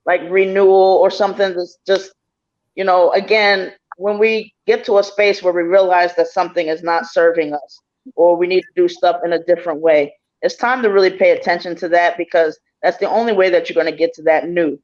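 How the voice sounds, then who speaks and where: A man with a notably high voice, talking slowly through a spiritual reading. He hesitates often and fills gaps with ums, and the sound is muffled and lo-fi. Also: fairly even intonation. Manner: hesitant, many ums, reflective. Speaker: tarot reader and co-host.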